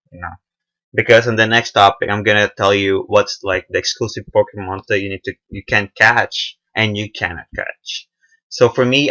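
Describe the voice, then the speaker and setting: Halting young man with a bright voice. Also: lowish voice. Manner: halting, filler-heavy, restarts often. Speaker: gaming video reviewer. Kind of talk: casual unscripted game commentary.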